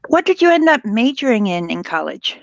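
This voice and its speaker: A woman's voice: fairly high pitch, big pitch swings, fairly quick, creaky, no echo, highs cut off. A woman hosting a casual online interview show, chatty and upbeat, on a video call from home. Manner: chatty, upbeat, laughs easily. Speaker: host. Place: home, filmed live online.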